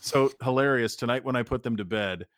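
A man's voice: medium pitch, a little fast, a bit bright, no echo, clean studio sound. A man co-hosting a podcast, rambling through stories in casual chat and swearing lightly. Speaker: podcast co-host.

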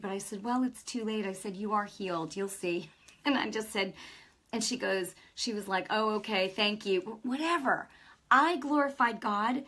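A woman's voice: a little high, fairly bright tone. A woman preacher hosting her own broadcast, talking informally and enthusiastically, telling stories and acting out the dialogue. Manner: enthusiastic, chatty, acts out quoted dialogue.

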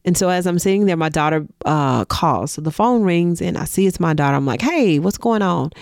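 A woman's voice: deep voice, fairly quick, no room sound, studio quality. A middle-aged woman, a business owner, tells a personal story in a monologue and acts out the dialogue. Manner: expressive, acts out quoted dialogue.

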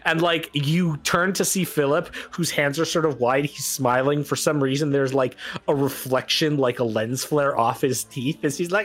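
Bright-voiced man running a tabletop game. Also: fairly high pitch, normal speed, hardly any pauses, soft background music. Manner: rambling, with many fillers. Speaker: game master.

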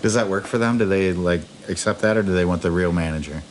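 A man's voice: low voice, fast, noisy background. A man, a writer, interviewing a store owner in a chatty way with frequent agreeing replies, in the back room of a country store. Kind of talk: conversational interview.

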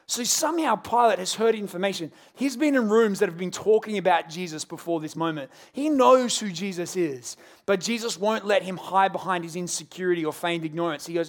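High-voiced pastor preaching a sermon. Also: male voice, a little fast. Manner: animated storytelling, acting out scenes.

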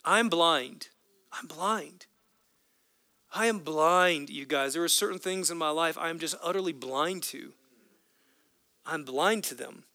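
Man, pastor, sermon, high bright voice, impassioned, repeating phrases. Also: normal speed, dry recording, clean studio sound. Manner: impassioned, repetitive preaching cadence.

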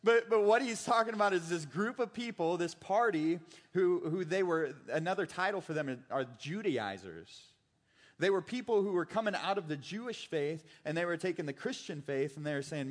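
A man preaching a casual sermon, animated and chatty, with jokey asides and quoted voices. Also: high-pitched, normal speed. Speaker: pastor. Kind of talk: casual sermon with personal stories. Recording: long hall reverb.

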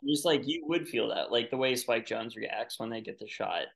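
A man co-hosting a casual film podcast, laid-back and often trailing off into soft asides. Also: medium pitch, animated, normal speed, gravelly. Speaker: podcast co-host.

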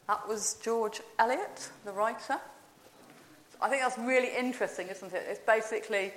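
A woman with a fairly high, slightly bright voice leads an informal all-age talk during a church service at a moderate pace. She is chatty and playful, quizzing the congregation, and the recording carries a roomy church echo.

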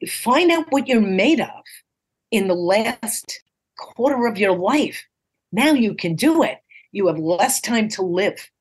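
Here a New York City woman in her sixties, a comedian, tells stories during a casual podcast interview. She speaks slowly at a medium pitch with a breathy edge, keeping things lively and encouraging, driving toward punchlines and playing out quoted dialogue in fun voices.

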